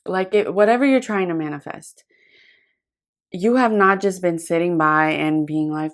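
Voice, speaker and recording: A young woman giving a gentle, affectionate tarot reading straight to the viewer, rambling warmly with fillers and calling the listener "my love". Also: on the low side, normal speed. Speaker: tarot reader. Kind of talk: intimate tarot reading to camera.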